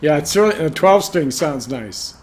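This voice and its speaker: A man's voice: a little high, lively intonation, normal speed, a little mellow. A singer-songwriter man chatting casually and joking on a video call. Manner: joking, easygoing. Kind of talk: casual chat.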